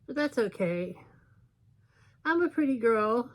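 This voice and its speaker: A woman's voice: a little high, expressive, slow. A woman in her fifties chatting casually through a makeup tutorial, joking at her own expense as she works. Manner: chatty, self-mocking, thinking aloud while applying makeup. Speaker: beauty vlogger.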